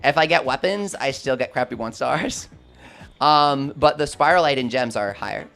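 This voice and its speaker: A young man commentating live gameplay and chatting with his viewers, swinging between hype and quick explanations. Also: medium pitch, animated, gravelly, a bit bright, faint music behind. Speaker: gaming streamer.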